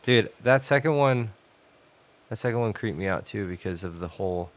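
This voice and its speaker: A man's voice: on the low side, animated, moderate pace. A man co-hosting a podcast, chatting casually and reacting readily to spooky stories. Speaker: podcast co-host. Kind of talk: casual chat.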